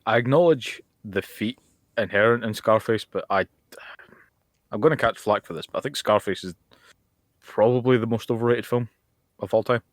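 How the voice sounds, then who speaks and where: A lowish-voiced man co-hosts a casual podcast over an online call. The sound is dry and close, and he delivers blunt, opinionated takes with a deadpan edge. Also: moderate pace, pauses often, dry recording. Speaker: podcast co-host. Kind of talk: casual chat. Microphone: home mic over online call.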